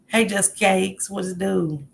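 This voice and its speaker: Gravelly-voiced woman hosting a livestream. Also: mid-range voice, steady tone, takes it slowly. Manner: heartfelt and encouraging, greets chatters by name. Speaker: livestream host. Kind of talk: casual livestream chat, answering viewers.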